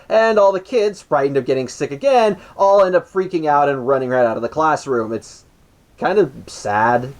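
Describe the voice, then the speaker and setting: A man hosts a casual podcast, walking through a cartoon episode's plot in a loose, rambling way. His pitch leaps around a great deal, full of rises and dips. He keeps restarting sentences and tosses in dry little asides. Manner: rambling, with frequent restarts and self-corrections; wry asides.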